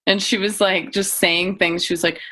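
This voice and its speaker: A woman in loose, rambling podcast chat, laughing often and dropping into silly voices. Her tone is bright and forward, pitched a little low for a woman. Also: little pitch movement, moderate pace. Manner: giggly, rambling, slips into comic voices. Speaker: podcast guest. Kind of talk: casual chat.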